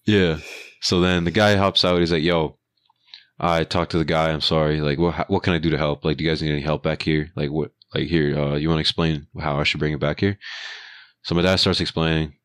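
A man's voice: rumbling low, fairly quick, clean tone, dry recording, studio quality. A young man casually retelling a work story, full of slang and swearing, and acting out what people said. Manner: profane, slangy, animated retelling with quoted voices.

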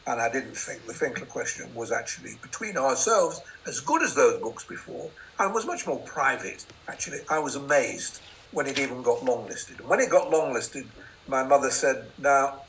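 A man's voice: medium pitch, expressive, moderate pace, fairly bright tone, a little hiss or hum, rough recording. An older man, a novelist, telling wry, self-deprecating anecdotes in an interview. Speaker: novelist guest. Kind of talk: interview storytelling.

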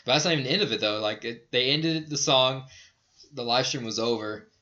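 A man's voice: mid-range voice, brisk, sharp tone, highs cut off. A man telling a rambling, profane bar story in casual chat. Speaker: podcast co-host telling a story.

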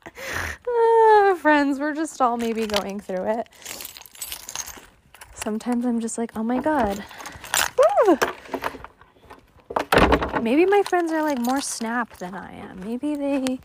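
A woman's voice: a little high, animated, slow, long pauses, heavy background noise. A woman in her twenties rambling casually to her viewers outdoors, giggling, slipping into whispers, and sounding cold. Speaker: vlogger.

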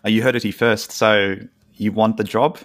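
Guy hosting an interview, deep-ish voice, laid back, kinda hesitant questions. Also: moderate pace. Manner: relaxed, asks questions with hesitations. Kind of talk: casual interview.

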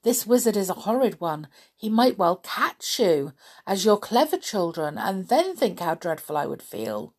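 A woman voicing a small, anxious, gentle male pixie in a storybook reading, talking in breathless, hurried pleas. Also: mid-range voice, very animated, slightly rough. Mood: worried.

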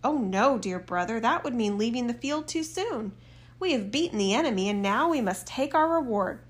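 A woman's voice: a little high, expressive, moderate pace, natural voice. A woman voicing a bold, cheerful, hungry soldier in a fairy tale reading, speaking heartily. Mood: hearty. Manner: hearty and confident.

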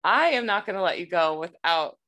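A woman's voice: lowish voice, expressive, fairly quick, pushed and bright. A woman hosting a podcast who thanks her guest and invites a story in an enthusiastic, affirming way. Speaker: podcast host. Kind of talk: casual interview.

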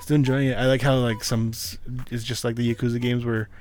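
Laid-back, halting guy who swears. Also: mid-range voice, level tone, darkish tone. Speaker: podcast co-host. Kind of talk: casual chat.

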